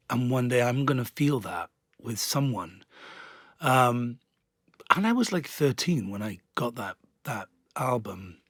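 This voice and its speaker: A man's voice: medium pitch, a bit bright, no echo, clean studio sound. A man in his forties with a Welsh accent, chatting casually as a guest and laughing often. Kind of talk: casual chat.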